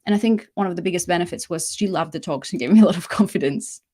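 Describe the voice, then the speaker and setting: A woman's voice: fairly low pitch, fast. Chatty woman hosting a live masterclass. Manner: chatty, self-correcting, lively emphasis. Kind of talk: casual live talk.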